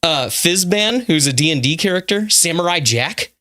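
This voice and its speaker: A man's voice: a little high, lively intonation, moderate pace, pushed and bright. A man co-hosting a casual chat, rambling with frequent stammers and easy laughter. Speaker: podcast co-host.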